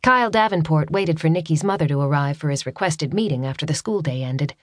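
A woman narrating a romance novel in a steady, measured audiobook reading. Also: low voice, dry recording, studio quality. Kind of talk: scripted narration.

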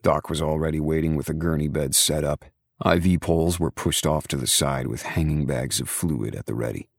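A man reading a story aloud in the first person as an audiobook narrator, steady and measured. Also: extremely low pitch, creaky, no echo, studio quality.

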